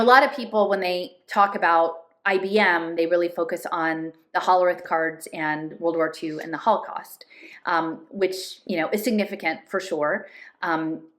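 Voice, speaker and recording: A woman reading a novel aloud and pausing for thoughtful, measured commentary. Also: lowish voice, steady tone, fairly bright tone. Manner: thoughtful, measured asides with fillers. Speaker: reader and commentator.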